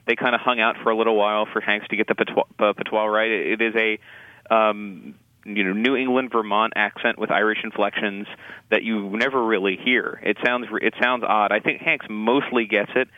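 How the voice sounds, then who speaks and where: A man co-hosting a casual film review chat, talking in halting, restarting sentences with wry asides. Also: lowish voice, steady tone, no echo. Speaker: film critic co-host. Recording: tinny phone-like line, dry.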